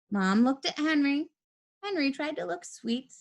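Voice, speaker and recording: Woman reading a storybook aloud, lively. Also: high-pitched, vocal fry. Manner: lively, expressive reading with quick shifts for characters. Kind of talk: children's storybook read-aloud.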